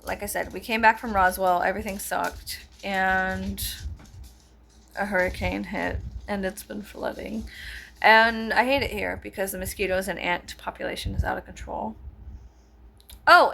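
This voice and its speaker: A woman, vlogging a casual, profane storytime rant, animated and exaggerating as she talks. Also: medium pitch, gravelly, slight background noise.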